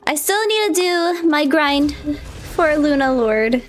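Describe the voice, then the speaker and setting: Soft background music plays as this woman, a VTuber, chats casually on her live stream in a high, animated voice, taking her time. Giggly and flustered, she squeals a lot and mutters to herself while fixing her setup.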